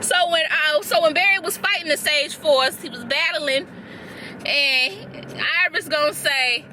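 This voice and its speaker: A woman's voice: high voice, measured pace, pushed and bright, slight background noise. A young woman chatting casually in a car for a reaction vlog, rambling and easily sidetracked. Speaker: vlogger reacting to a TV episode.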